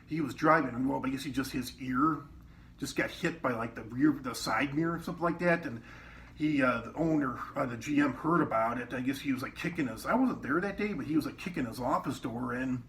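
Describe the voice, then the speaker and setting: A former cook casually tells rambling, profane stories about his old kitchen job, swearing often and quoting people in raised voices. His medium-pitched voice is fairly quick and a bit bright. The mic sits at a distance and picks up faint background noise.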